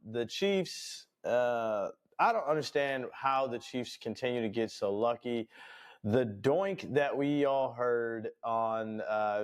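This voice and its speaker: A man from New York hosting a sports podcast, ranting bluntly and profanely in casual talk. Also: mid-range voice.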